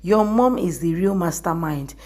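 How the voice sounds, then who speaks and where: Vengeful young man read by a woman narrator, low-ish and level, drama recap. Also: animated, normal speed, darkish tone. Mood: bitter. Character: angry vengeful young man forcing a wedding.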